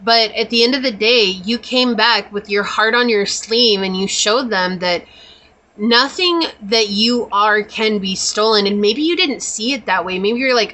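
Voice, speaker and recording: Bright-voiced chatty woman reading tarot. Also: mid-range voice, measured pace, poor audio. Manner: chatty, reassuring, spiritual, many "like" fillers. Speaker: tarot reader. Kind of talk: pick-a-card tarot reading.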